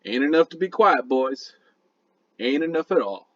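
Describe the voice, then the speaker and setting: A man voicing a cold, fierce gunslinger with a slow, menacing drawl. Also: mid-range voice, animated, a bit bright, muffled recording.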